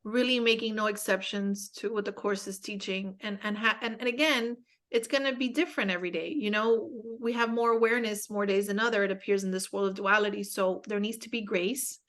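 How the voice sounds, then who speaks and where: A woman's voice: mid-range voice, steady tone, fairly quick, hardly any pauses, a bit bright. A young woman speaking as a guest in a casual spiritual conversation, telling stories candidly with self-mocking humor and many fillers.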